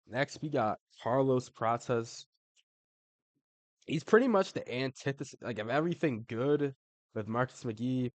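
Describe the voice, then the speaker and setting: A man's voice: medium pitch, expressive, measured pace, no room sound. A man giving casual, slangy commentary as a YouTuber ranking fighters, laid-back and saying "bro" a lot.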